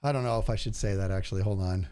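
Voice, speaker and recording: A man in his forties telling stories in a relaxed casual chat, using "dude" and "bro" a lot. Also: on the low side, racing, clean tone. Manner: animated storyteller, says "dude" a lot. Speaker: streamer.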